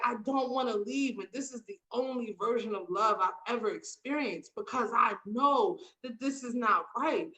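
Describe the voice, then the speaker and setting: A woman's voice: fairly high pitch, bright, forceful tone, low-quality recording. A woman co-hosting a casual podcast chat, telling personal stories with emphasis and acting out what people said. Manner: emphatic storytelling, acting out quotes. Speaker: podcast co-host.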